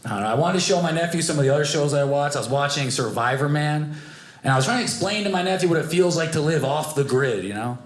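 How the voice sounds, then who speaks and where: Animated young comedian, roomy club sound. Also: male voice, fairly high pitch, quick pace. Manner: animated, acts out voices of family and strangers. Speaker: stand-up comedian. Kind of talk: stand-up comedy set. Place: comedy club stage with live audience. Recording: echoey club room, noisy audience.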